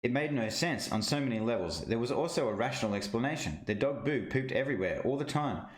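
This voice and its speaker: A man reading a first-person witness statement aloud in a steady, measured way. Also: medium pitch, roomy sound.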